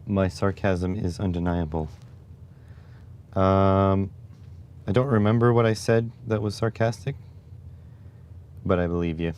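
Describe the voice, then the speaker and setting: A man with a very low voice hosts a relaxed livestream, talking slowly as he reasons through each step out loud. He tosses wry, offhand remarks to his viewers between the steps. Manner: thinks aloud step by step, wry asides to viewers. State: recovering back injury. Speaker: livestream host. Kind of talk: casual livestream chat while tinkering.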